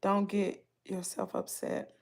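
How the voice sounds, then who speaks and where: A woman's voice: medium pitch, flat delivery, slow pace, vocal fry, darkish tone. A woman vlogger with a Southern US accent, chatting casually to her viewers with lots of exclamations and asides.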